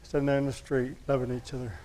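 Man, pastor, sermon, folksy storytelling, candid, joking with the congregation, mid-pitched voice. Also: level tone, fast, warm tone.

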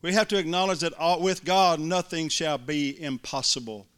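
A man's voice: on the high side, moderate pace, fairly bright tone, clear, resonant tone. A male preacher, delivering an emphatic sermon to a congregation and mimicking complainers in little voices. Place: church before a congregation.

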